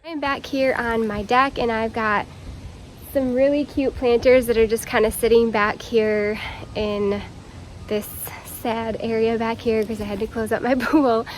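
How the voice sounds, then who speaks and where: A woman vlogging outdoors on her deck and porch, chatty and enthusiastic as she talks straight to her viewers. Her voice sits a little high. A faint outdoor ambience runs underneath. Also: fairly even intonation, unhurried, slight background noise, rough recording. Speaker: home and garden vlogger. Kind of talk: casual vlog narration.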